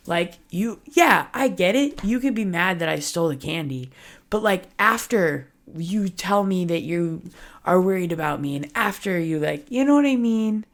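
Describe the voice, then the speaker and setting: Candid young woman, lowish voice. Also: lively intonation, moderate pace. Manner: frank and emotional, heavy "like" fillers, swears casually. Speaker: podcast host. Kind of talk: candid personal monologue.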